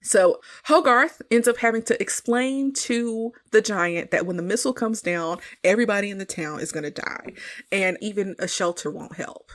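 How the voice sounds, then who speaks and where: Woman, podcast co-host, casual movie chat, lively retelling, frequent laughs. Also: mid-range voice. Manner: animated retelling, quick laughs.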